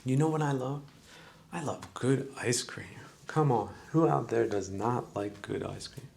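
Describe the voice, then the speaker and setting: A man hosting a podcast, musing in a slow, preachy mock-sermon monologue with a gravelly voice. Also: medium pitch, a little mellow, a little hiss or hum. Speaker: podcast host. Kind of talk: rambling comedic monologue.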